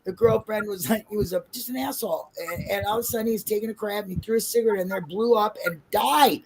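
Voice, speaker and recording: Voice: mid-range voice, quick pace, slight background noise, low-quality recording. A brash co-host interviewing casually, joking and acting out bawdy quotes. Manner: brash, joking, talks over the guest, acts out bawdy quotes. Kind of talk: casual live interview chat.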